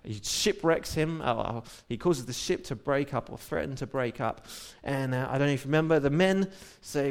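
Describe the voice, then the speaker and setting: A male preacher gives a sermon in a church, and his pitch sits in the middle for a man. He retells scripture in a relaxed, conversational way and breaks off for casual asides. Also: fairly quick, few pauses.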